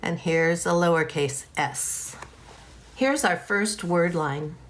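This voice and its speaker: Slow, patient woman teaching phonics. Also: lowish voice. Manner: slow, clear, encouraging teacher talk with sounds drawn out. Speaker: kindergarten teacher. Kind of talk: phonics lesson for young children.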